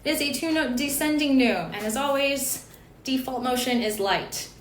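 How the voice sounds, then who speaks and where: Higher-voiced woman teaching chant, echoey room. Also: moderate pace, slight background noise. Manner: explanatory, with fillers and asides. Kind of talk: online lesson on chant notation.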